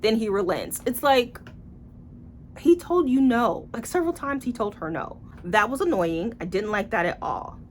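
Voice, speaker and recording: In a casual book-review vlog, a woman speaks bluntly, sarcastically and with profanity, animatedly acting out the characters she quotes. Her pitch is fairly high, her pace moderate, and there's slight background noise.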